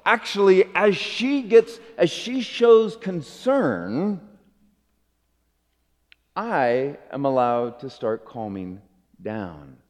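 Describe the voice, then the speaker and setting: A middle-aged man preaching a sermon as a pastor, earnest, rising to emphatic peaks and dropping to soft low phrases. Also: very animated, drawn-out words. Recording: long hall reverb.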